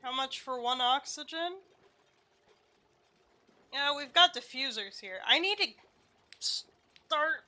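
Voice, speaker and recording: A woman's voice: sits high, animated, takes it slowly, pauses often, pushed and bright. A woman streamer giving casual gameplay commentary, chatty and muttering to herself with casual swearing.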